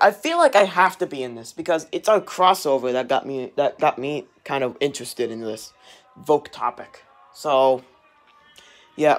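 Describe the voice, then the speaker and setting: A young man ranting in a casual vlog while doing dishes in his home kitchen, angry and rambling, swearing often, recorded on a handheld camera as he walks around. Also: on the high side. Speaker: vlogger. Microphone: handheld camera, walking around.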